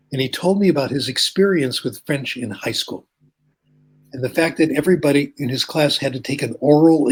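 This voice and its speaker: An older man who teaches linguistics is being interviewed, laying out ideas and sharing anecdotes while frequently tossing in a quick "okay?" to check on his listener. His voice sits in the middle range and has a husky quality.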